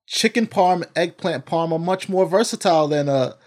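Male co-host, a touch high-pitched, insistent debater. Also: moderate pace, a little mellow. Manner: argumentative, makes his case insistently. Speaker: podcast co-host. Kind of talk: casual chat.

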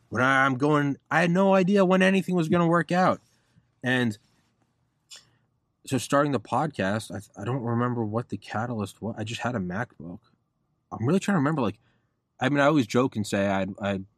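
A man in his thirties with a low voice tells long stories as a podcast guest, cursing freely and rambling. He swings from quiet, trailing asides to loud, excited bursts. His close mic sounds dry and intimate. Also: no room sound. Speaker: podcast host being interviewed. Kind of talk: casual interview storytelling.

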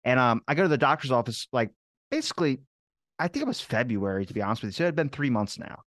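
Man, podcast guest, rapid rambling storytelling, casual swearing, dry close sound. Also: medium pitch, big pitch swings, a bit bright, no room sound. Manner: rambling anecdotes, quick restarts, casual swearing.

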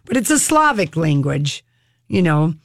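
A woman co-hosting a radio show, chatting casually and telling stories with animated energy. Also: low voice, unhurried, no room sound, clean studio sound. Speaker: radio co-host.

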